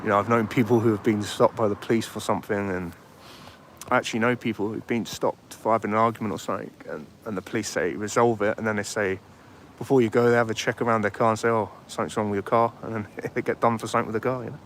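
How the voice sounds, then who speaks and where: A man's voice: lowish voice, steady tone, fast talker. A man hosting a casual livestream outdoors, rambling and chatting as he reads out viewer comments. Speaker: livestream host. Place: outdoors by a street. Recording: faint street noise behind.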